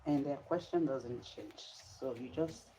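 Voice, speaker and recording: Tired, slow-talking woman vlogger. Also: extremely low pitch, dark tone, highs cut off, a little hiss or hum. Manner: chatty, pleading for likes, drawn-out words. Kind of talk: casual livestream chat.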